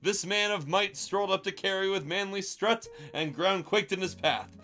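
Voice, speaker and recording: A man streaming a comedic reading of fanfiction, delivering it with amused deadpan. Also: sits high, normal speed, faint music behind.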